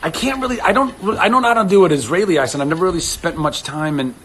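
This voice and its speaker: A man's voice: sits high, fast, fairly bright tone, slight background noise. A man in his thirties hosting a casual livestream, answering viewer comments in a playful, rambling way and slipping into accents.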